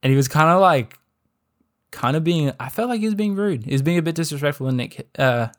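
A man's voice: on the high side, expressive, fairly quick. Chatty Australian man rambling about sport. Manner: rambling, filler-heavy with frequent "like" and "um". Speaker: podcast host. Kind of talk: casual sports chat.

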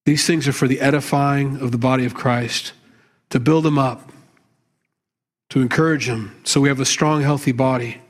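A man's voice: mid-range voice, fairly even intonation, moderate pace. A middle-aged man, a pastor, teaching a conversational sermon in a plainspoken, candid way, with asides and self-deprecating humor. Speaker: pastor teaching a Bible study.

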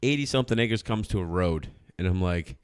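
A low-pitched man spins a long, rambling yarn on a podcast, swearing freely and breaking into laughter. His voice is recorded close and dry, with no room sound around it. He talks in a loose, casual way. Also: expressive, fairly quick, clean tone, no echo. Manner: profane, rambling, laughs through his stories. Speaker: podcast co-host. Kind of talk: casual storytelling chat.

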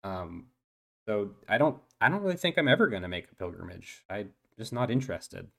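A man's voice: on the low side, lively intonation, a little fast, gravelly, fairly bright tone, heavily acted. A man voicing an eight-year-old uplifted dolphin boy in a tabletop role-play, talking hesitantly with lots of stammers and restarts. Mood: hesitant, nervous. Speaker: player.

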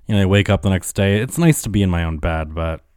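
A man's voice: low-pitched, lively intonation, fast talker, a little mellow, smooth, no room sound, clean studio sound. A man hosting a solo podcast, rambling casually with lots of filler words and swearing. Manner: rambling, heavy on "like" and "um", profane. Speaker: podcast host.

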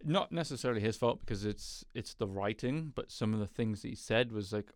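A man's voice: on the low side, brisk, no room sound, studio quality. A man co-hosting a podcast in casual chat, laid-back and wry. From Britain. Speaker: podcast co-host.

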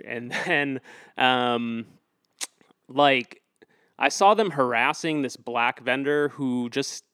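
Speaking as an activist guest, this man rambles through an interview story with many fillers and restarts, becoming more heated and emphatic along the way. His voice sits at medium pitch and is a bit bright, recorded with no echo.

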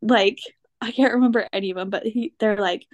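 Speaking at medium pitch and a fairly quick clip, a woman podcast host chats casually about cartoon scenes she loves. She's giggly throughout and mimics the characters in playful voices.

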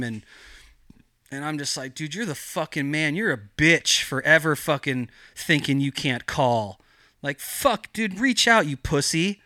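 Guy rambling through a story on a podcast, swears constantly, tons of fillers, does the voices of people he quotes, kinda high bright voice, dry close mic. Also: measured pace, clean tone, dry recording. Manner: profane, rambling, animated, heavy on fillers. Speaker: podcast guest. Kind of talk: casual storytelling chat.

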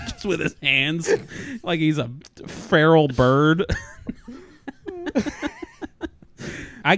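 A man's voice: mid-range voice, clean tone. A man co-hosting a casual comedy podcast who jokes, laughs often and acts out little bits. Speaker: podcast co-host.

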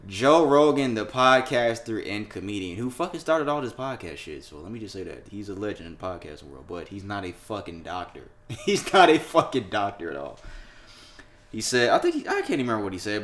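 A man hosting a casual sports and pop-culture podcast, profane and laughing, swinging between loud and quiet. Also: fairly low pitch, sing-song, brisk. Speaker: podcast host.

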